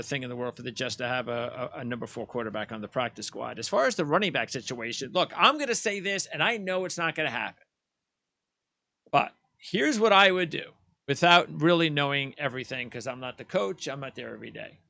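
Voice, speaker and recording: Bright-voiced opinionated sports co-host man. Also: medium pitch, lively intonation, fairly quick, gravelly, dry recording. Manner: opinionated, emphatic, with frequent restarts. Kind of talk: casual sports debate.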